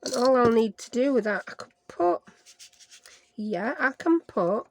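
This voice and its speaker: Fairly high-pitched and animated yet measured in pace, her darkish voice comes with slight background noise. A craft vlogger speaking Sheffield English, she narrates a craft-along chattily, rambling and joking at herself with made-up words.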